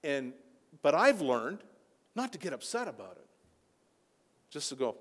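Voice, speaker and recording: A man with a high voice preaching a sermon, his delivery swelling into loud, impassioned peaks. His voice rings out with a long reverb, as in a church sanctuary. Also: big pitch swings, measured pace, pauses often. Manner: impassioned, building to near-shouting peaks. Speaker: pastor.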